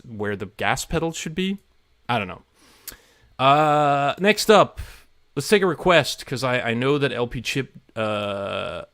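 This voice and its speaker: A man hosting a relaxed live radio stream, talking in a rambling, self-mocking way. His voice has a gravelly edge. The sound is dry and close. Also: medium pitch, no room sound. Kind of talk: casual live-stream chat.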